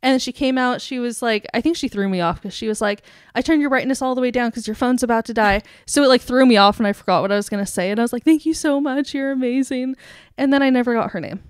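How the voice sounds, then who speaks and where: A young woman co-hosting a podcast, telling a story in a casual, animated way, laughing and acting out quotes. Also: on the high side, quick pace, few pauses, smooth, dry recording, studio quality. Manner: animated, giggly, acts out quotes. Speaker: podcast co-host.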